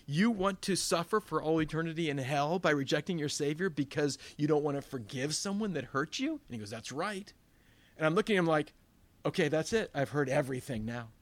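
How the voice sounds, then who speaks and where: A man's voice: a little high, expressive, brisk, no echo. A man preaching a sermon as pastor, telling stories with quoted voices and emphatic rises. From Northern California.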